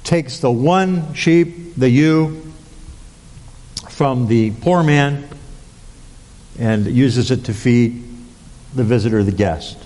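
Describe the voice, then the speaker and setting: A man preaching a sermon as a pastor, halting with many fillers and restarts. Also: a little mellow. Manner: acts out quoted lines with raised pitch. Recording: long hall reverb.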